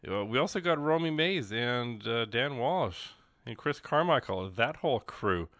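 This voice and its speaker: A man's voice: medium pitch, animated, a little slow, a bit bright, dry recording. A man hosting a radio music show, chatting casually in a rambling, joking way with many fillers and restarts from the studio.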